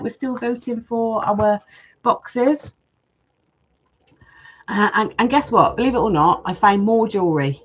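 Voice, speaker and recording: A woman's voice: fairly high pitch, measured pace, long pauses, husky, muffled recording. A woman hosting a live jewellery-making stream, chatting casually and reading viewer comments aloud.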